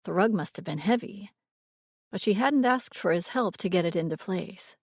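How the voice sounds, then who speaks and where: A woman reading a romance audiobook in a measured, expressive way. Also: lowish voice, husky, no echo, clean studio sound. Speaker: audiobook narrator. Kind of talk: scripted romance narration.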